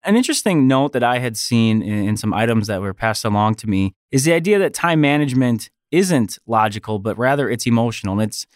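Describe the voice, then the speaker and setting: A man's voice: mid-range voice, lively intonation, brisk, few pauses, no echo, clean studio sound. A man hosting an interview, asking friendly questions and reacting to his guest's answers. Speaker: interview host.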